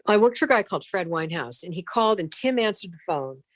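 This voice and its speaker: A middle-aged woman, a broadcast consultant, telling animated career anecdotes as a podcast guest and acting out the voices of people she quotes. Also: on the low side, quick pace, dry recording. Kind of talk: storytelling in a podcast interview.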